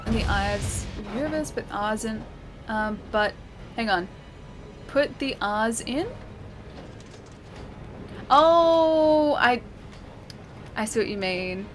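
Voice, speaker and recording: A woman's voice: fairly high pitch, expressive, slow, pauses often, a little hiss or hum. A young Australian woman chatting casually with her livestream chat while playing a game, laughing often and reading messages aloud. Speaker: streamer.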